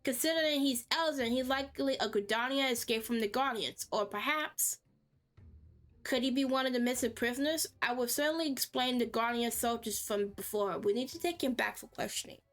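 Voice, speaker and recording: A woman voicing a proud young female officer, speaking in a brisk, formal way. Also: a little high, a bit bright, soft background music, lightly acted.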